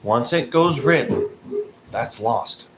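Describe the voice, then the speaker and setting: Blunt male vlogger, mid-range voice, swears freely and calls people out; recording has clear background noise. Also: mid-range voice, lively intonation, takes it slowly. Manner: blunt, profane, calling people out. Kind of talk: casual spoken commentary vlog.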